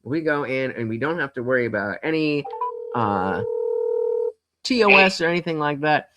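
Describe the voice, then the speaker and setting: A young man hosting a live stream, chatting casually in an animated, rambling way with many fillers. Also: on the high side, normal speed, faint music behind. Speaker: streamer host.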